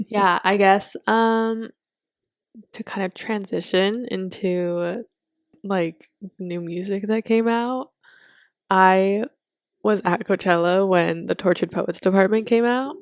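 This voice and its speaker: A young woman co-hosting a podcast, telling animated stories in casual chat and laughing often. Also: medium pitch, slow, clear, resonant tone, dry recording, studio quality. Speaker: podcast co-host.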